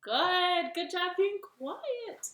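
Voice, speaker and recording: A woman leading a children's storytime from her living room, gentle and encouraging, with a sing-song manner for the kids. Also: extremely high pitch, expressive, very slow, roomy sound.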